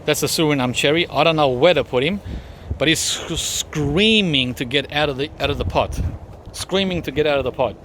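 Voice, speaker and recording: A man's voice: fairly high pitch, moderate pace, a bit bright, slight background noise. A man chatting casually as he walks through his backyard garden, rambling with frequent ums as he points things out. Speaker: gardening vlogger.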